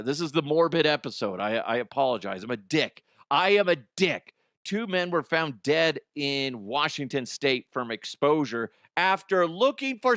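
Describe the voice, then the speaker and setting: A man's voice: medium pitch, no room sound, clean studio sound. Profane, laughing male podcast host. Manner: profane, laughing, animated commentary. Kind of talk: comedic news podcast rant.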